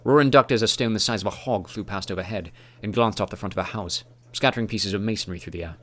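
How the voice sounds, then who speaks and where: Low-voiced man narrating a fantasy audiobook. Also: fast talker, hardly any pauses, a bit bright.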